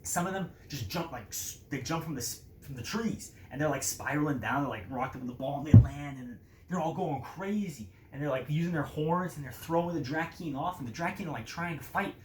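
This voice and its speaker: A man telling a story casually, rambling and stacking fillers as he goes. His voice sits on the high side. It rings in an echoey room over a faint hiss. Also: animated, fairly quick, hardly any pauses. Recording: roomy echo, faint noise.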